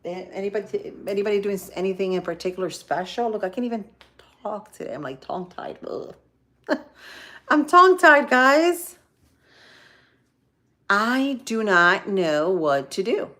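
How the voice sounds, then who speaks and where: A tired middle-aged woman chatting casually with live viewers while she cooks, folksy, full of ums and y'alls. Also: medium pitch. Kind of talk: casual live-stream chat while cooking.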